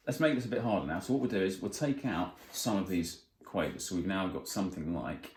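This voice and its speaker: A man teaching a guitar music theory lesson, explaining plainly and counting beats out loud. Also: sits low, animated, fast talker, few pauses. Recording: roomy sound with faint guitar.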